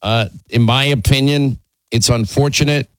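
A man's voice: medium pitch, fairly even intonation, normal speed, dry recording, poor audio. A man hosting a call-in talk radio show, speaking in a firm, plainspoken way and often repeating himself to make a point.

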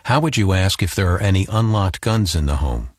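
A man reading a public service announcement in a serious, measured way. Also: deep voice, expressive, husky, no echo, studio quality.

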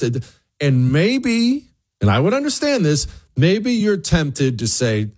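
Lively, preachy male commentator. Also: on the high side, slow. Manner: preachy, animated, repeats words in restarts. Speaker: commentary host. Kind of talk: opinion monologue.

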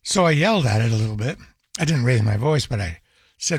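A man's voice: medium pitch, expressive, fairly quick, vocal fry, slight background noise. A middle-aged man hosting a call-in radio show, talking casually with many fillers and restarts, and firing off exasperated rhetorical questions. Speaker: radio talk show host.

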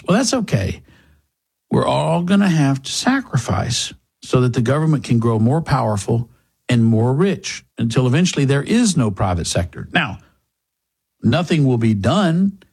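Husky guy ranting sarcastically about politics, mocking tone. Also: medium pitch, darkish tone. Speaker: political commentary host. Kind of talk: opinion monologue.

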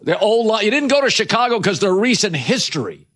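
A man's voice: high voice, sing-song, a bit bright. Emphatic man hosting sports talk. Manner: emphatic, conversational, quick asides and rhetorical questions. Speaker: sports radio host. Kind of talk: opinionated sports talk monologue.

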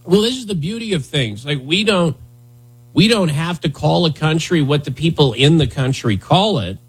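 A man's voice: on the high side, animated, normal speed, husky. A man in his thirties hosting a podcast in casual comedic chat, sarcastic and rambling with jokey asides. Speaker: podcast host.

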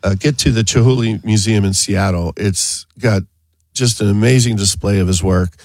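A man's voice: on the low side, moderate pace, darkish tone, dry recording. A man hosting a talk show, chatting casually, rambling and laughing often. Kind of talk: casual on-air chat.

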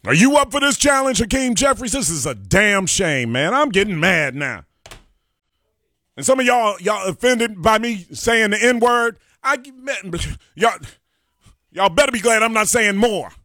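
A man's voice: sits high, expressive, moderate pace, pushed and bright, dry recording, studio quality. A man hosting a Chicago talk radio show, ranting with fiery passion and hammering his points through repetition, with a Chicago accent. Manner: fiery, preachy, repeats phrases for emphasis. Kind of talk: impassioned political talk radio rant. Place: radio studio. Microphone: studio microphone.

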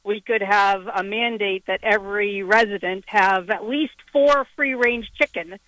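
A woman calling in to a radio show. She talks hesitantly with many pauses but keeps a playful tone. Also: mid-range voice, fairly bright tone, no echo, low-quality recording. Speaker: caller. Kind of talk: call-in radio chat.

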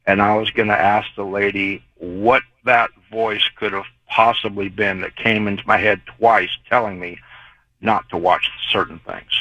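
A man with a low, forceful voice calls in to a late-night radio show. He tells his stories in a rambling, earnest way, and his voice sounds dry and close. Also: moderate pace, no echo, highs cut off. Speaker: caller. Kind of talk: call-in storytelling.

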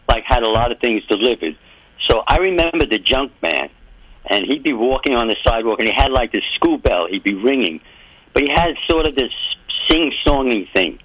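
A man's voice: mid-range voice, expressive, a little fast, fairly bright tone, husky, no echo, low-quality recording. A man who is a guest on a radio talk show, casually telling a story and laughing at his own jokes.

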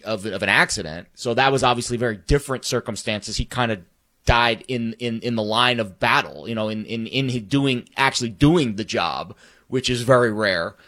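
A man co-hosting a sports talk show, speaking reflectively in a halting way, with many ums and restarts. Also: medium pitch, a bit bright.

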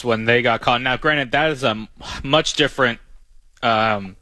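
A man co-hosting a casual sports talk show, explaining in a measured way with fillers. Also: mid-range voice, bright, forceful tone, dry recording. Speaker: podcast co-host.

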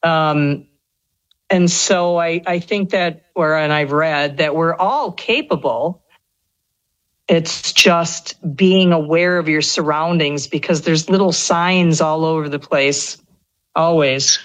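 A woman's voice: low voice, slow pace, fairly bright tone, rough recording. A middle-aged woman telling rambling stories on a radio show, with many restarts. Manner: chatty, rambling storyteller with frequent restarts and laughs. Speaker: guest. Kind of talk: casual radio conversation.

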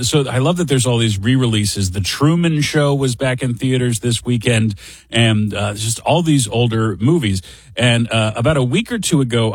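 A man's voice: on the low side, slightly rough, dry recording. A middle-aged man hosting a show, telling a casual story in a chatty, wry, self-deprecating way. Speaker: radio show host.

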